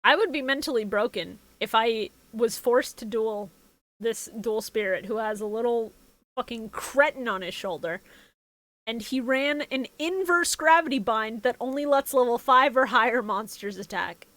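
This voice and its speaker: A woman's voice: a little high, normal speed, a bit bright, no echo, low-quality recording. A woman co-hosting a casual podcast, sarcastic, swearing freely and laughing often as she recaps an episode. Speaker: podcast co-host.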